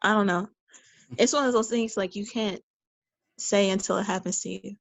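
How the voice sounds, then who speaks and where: A woman with a medium-pitched voice chimes in on a casual podcast, relaxed and joking with a giggle close at hand. Her voice is dry and close. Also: normal speed, gravelly, no room sound. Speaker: podcast co-host.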